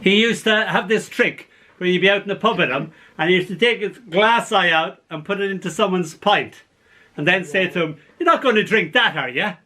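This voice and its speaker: A man reading his poems aloud to a small group over a video call, in an animated way with frequent laughs. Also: high voice, moderate pace, slight background noise. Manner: animated, laughs between lines. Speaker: poet. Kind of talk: poetry reading.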